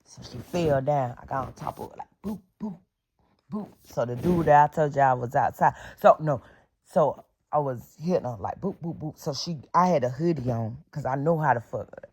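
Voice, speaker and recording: A woman's voice: rumbling low, a little mellow, slightly rough. A middle-aged woman telling a casual storytime vlog story, blunt and full of profanity and sound-effect words.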